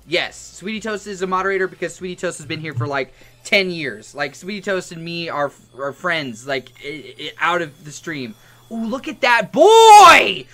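A young man streaming a game, yelling and cursing with joy, his voice hoarse from shouting. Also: high voice. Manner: ecstatic shouting, cursing, repeated yells of yes. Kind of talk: live-stream game reaction.

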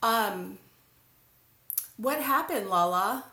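A woman's voice: medium pitch, animated, drawn-out words, bright, forceful tone. A woman hosting a casual live craft stream from home, chatting along and greeting viewers by name as she works. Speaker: craft livestream host. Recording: echoey room.

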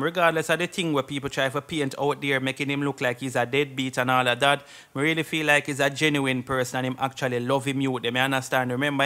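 Jamaican guy doing a chatty vlog, bright punchy voice, keeps asking you understand. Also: medium pitch. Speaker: vlog host. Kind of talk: casual commentary.

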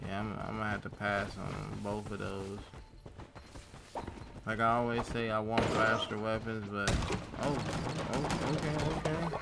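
A man's voice: on the low side, fairly even intonation, measured pace, gravelly, noisy background. A man giving laid-back, profane commentary while playing a game, telling a story between fights. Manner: laid-back, talks to himself, swears at enemies. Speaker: gaming YouTuber. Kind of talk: casual gameplay commentary.

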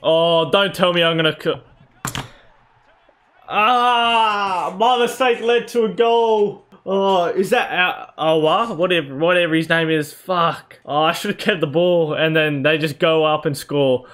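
A young man commentating live over his own football video game, excitable, swearing and shouting at his team. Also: on the high side, normal speed, few pauses. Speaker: gaming YouTuber.

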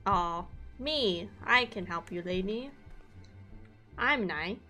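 A young woman streaming a game, bubbly and excitable, chatting with her viewers while she plays. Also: medium pitch, slow pace, soft background music. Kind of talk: casual live-stream game chat.

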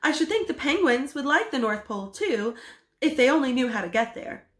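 A woman reading as an eager, dreamy middle-aged man who marvels at everything, in a bright, lively voice. It is a storybook read-aloud in an echoey room. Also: sits high, brisk, voice pushed up. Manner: eager, wondering.

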